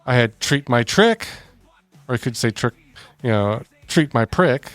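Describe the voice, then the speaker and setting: A man's voice: medium pitch, animated, measured pace, fairly bright tone, no room sound, soft background music. Man hosting a movie podcast, dry close mic. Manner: joking, wraps up with a ranking. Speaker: podcast co-host. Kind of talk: casual movie podcast chat.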